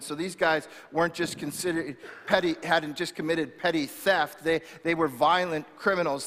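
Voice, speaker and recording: A man's voice: fairly high pitch, a bit bright. Impassioned male pastor in an echoing church. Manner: impassioned, repeats words when restarting. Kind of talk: sermon. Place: church sanctuary. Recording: reverberant church hall.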